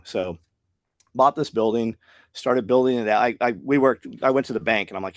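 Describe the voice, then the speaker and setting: Speaking a bit fast in a mid-range voice, this Tennessee business owner is a podcast guest spinning an extended story and animatedly performing the quoted dialogue of its characters. It's a casual interview recorded in echo-free studio quality.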